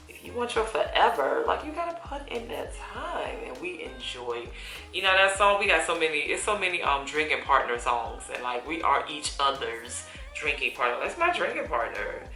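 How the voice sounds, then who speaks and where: A woman's voice: deep voice, sharp tone. A woman in her thirties chatting casually while doing her makeup, laughing often and using folksy slang. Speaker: beauty vlogger. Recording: echoey room with faint music.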